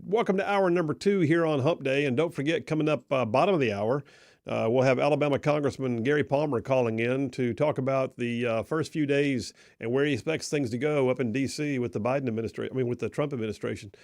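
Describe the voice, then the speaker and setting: A man hosting live talk radio from a studio, energetic and folksy, restarting sentences often. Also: medium pitch, quick pace, dry recording. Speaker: radio talk show host.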